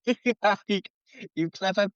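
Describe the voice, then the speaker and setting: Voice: mid-range voice, fairly even intonation, slow, no room sound, highs cut off. A podcast co-host in casual chat who laughs often and chimes in with short reactions.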